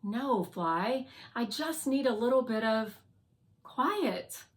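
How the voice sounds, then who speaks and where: A woman voicing a patient, thoughtful rover robot in a calm, gentle, measured way. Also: on the high side.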